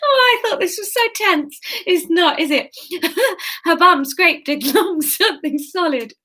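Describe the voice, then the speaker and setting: A woman's voice: very high-pitched, expressive, slow, long pauses, bright, forceful tone. A woman hosting an interactive live-stream story, reading it aloud and breaking off for chatty asides to viewers. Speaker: host and storyteller.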